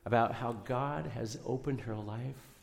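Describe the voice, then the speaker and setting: A man pastor giving an Easter sermon in a church, earnest and prayerful, pushing up for emphasis and then going soft. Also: medium pitch, unhurried, creaky, in a large hall.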